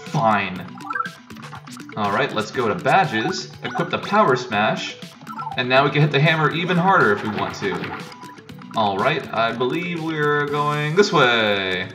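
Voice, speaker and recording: Man, let's player, casual joking commentary, distant mic, loud game music. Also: mid-range voice, sing-song, a little slow. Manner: offhand, joking.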